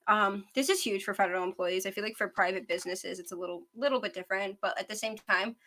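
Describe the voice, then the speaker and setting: Young woman host, quick rambling news chat, bright tone. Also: medium pitch. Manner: fast, rambling, self-aware talker. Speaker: podcast host.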